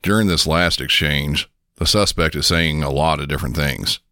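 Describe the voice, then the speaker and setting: A man tells the story of a police call in a calm, matter-of-fact scripted narration. His voice sits very low but has a bright, forward edge. The recording is dry and close-miked. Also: normal speed, no echo.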